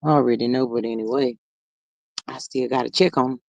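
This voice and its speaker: A woman hosting a livestream in casual chat, reading comments aloud in a chatty, drawling way that swings high and low. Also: steady tone, a little fast, vocal fry, a little mellow, dry recording, lo-fi sound.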